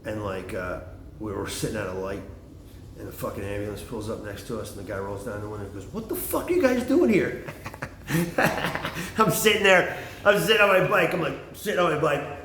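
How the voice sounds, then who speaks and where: A man's voice: lowish voice, fast, noisy background. A middle-aged man telling a meandering, profane story in a casual monologue, drifting off on tangents, recorded on a phone. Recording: echoey room.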